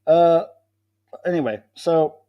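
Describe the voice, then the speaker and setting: A man's voice: on the high side, slow, muffled recording. Rambling man hosting a live stream. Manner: rambling, self-amused, chats to commenters by name. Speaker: livestream host. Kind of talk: casual live chat with viewers. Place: home, alone.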